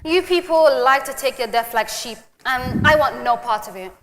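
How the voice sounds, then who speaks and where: A woman's voice: high-pitched, normal speed, a bit bright, long reverb tail, a little hiss or hum. A woman with a British accent playing a complaining, easily alarmed woman back home from England in a comedy skit. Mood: fussy.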